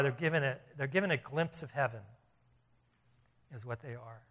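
A man's voice: mid-range voice, normal speed, fairly bright tone. A man preaching a sermon as pastor, earnest, often restarting and repeating phrases and rising in volume to stress his points.

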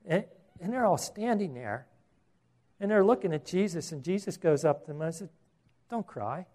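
A man's voice: sits high, expressive, moderate pace, mellow. A man preaching a sermon, earnest, with repeated words and rhetorical questions.

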